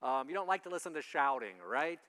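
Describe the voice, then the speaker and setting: Bright, clear-voiced man preaching. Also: fairly high pitch, expressive, a little fast. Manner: conversational, questions the congregation directly; acts out quoted speakers with loud shouts. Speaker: pastor. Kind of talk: sermon.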